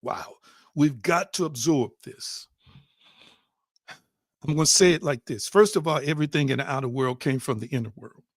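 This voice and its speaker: A man's voice: fairly high pitch, moderate pace, pauses often, no echo, studio quality. A man delivering an online spiritual teaching, emphatic, repeating phrases for stress and calling his listeners family.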